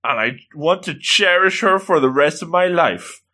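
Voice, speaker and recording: A man's voice: a little high, expressive, normal speed, sharp tone, pitched above the performer's own voice. A man voicing an honest, straight-arrow teenage boy who states things matter-of-factly, retelling a cartoon. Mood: earnest. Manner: matter-of-fact, blurting.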